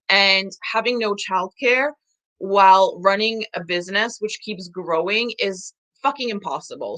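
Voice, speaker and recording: A woman's voice: medium pitch, fairly bright tone. Blunt, swearing woman coach. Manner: frank, emotional, heavy swearing and quick laughs. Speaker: business coach hosting a live stream. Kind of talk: casual live-stream chat reading comments.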